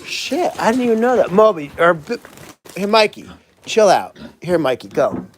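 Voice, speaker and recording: A man's voice: high-pitched, moderate pace, a little hiss or hum. Chatty man hosting a sanctuary livestream. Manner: excitable, chatty, thanks donors by name. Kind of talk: casual live-stream chat. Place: animal sanctuary barn.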